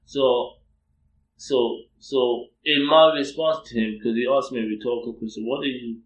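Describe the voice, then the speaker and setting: A man telling an animated, profane story as a vlogger, repeating phrases and breaking into laughter. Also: mid-range voice, moderate pace, dull audio. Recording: roomy echo.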